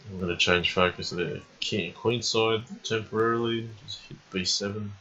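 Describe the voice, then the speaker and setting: A man talks through his moves in a low, husky voice with a forceful edge. He commentates live in a steady, measured way and often pauses on an "um". The stream audio sounds dull and lo-fi. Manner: thinking aloud, calm and measured, frequent ums and uhs. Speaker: chess streamer.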